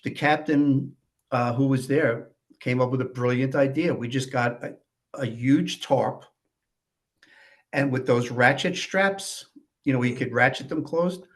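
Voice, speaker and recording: A man from New York speaks as a podcast guest in a mid-range voice, easygoing and conversational. He recounts grim work stories in a plain, matter-of-fact manner and keeps dropping little "you know" asides. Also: medium pitch. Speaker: podcast guest, former death investigator. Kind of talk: casual storytelling conversation.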